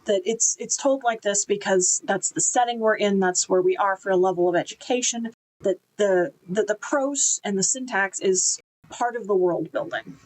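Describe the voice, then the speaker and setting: A woman's voice: medium pitch, normal speed, darkish tone, poor audio. A woman giving an enthusiastic, chatty book review, with casual fillers and restarts.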